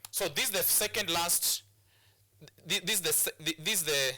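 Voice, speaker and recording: Bright-voiced Kenyan English teacher. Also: male voice, high-pitched, normal speed. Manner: repetitive, restarts phrases, drills words aloud. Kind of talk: classroom lesson on English stress. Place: studio or classroom for educational broadcast.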